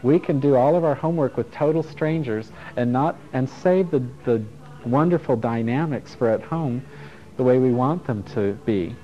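A man's voice: mid-range voice, normal speed. A middle-aged man teaching a casual self-help workshop to a group, frank and playful, swearing and chuckling as he goes. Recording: dull lo-fi recording with faint music.

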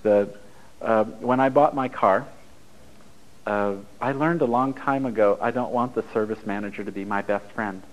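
An American relationship speaker, heard over a radio broadcast with poor audio, gives a blunt storytelling talk to a live audience and acts out dialogue as he goes. His voice is lowish and his pace moderate.

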